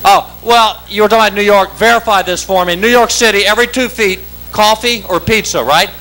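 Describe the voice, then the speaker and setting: A man doing a stand-up comedy routine on a club stage, wired and chanting words in rapid-fire repetition. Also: sits high, pushed and bright, rough recording. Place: club stage with live audience.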